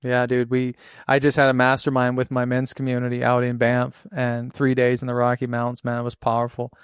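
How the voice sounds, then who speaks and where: A man's voice: mid-range voice, clean tone, no echo, studio quality. A man from Newfoundland who now sounds American, talking candidly and energetically as a podcast guest on a remote call. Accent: General American. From Newfoundland, Canada. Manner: candid, energetic, talks fast with restarts. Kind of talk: casual podcast interview.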